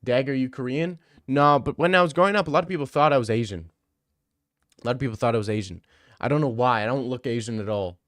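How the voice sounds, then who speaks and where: A young male streamer chats loosely with his viewers, crude and rambling, always joking. His pitch sits in the middle for a man. The sound is dry and close, with no echo. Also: fast, a bit bright. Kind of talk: casual livestream chat, answering viewer messages.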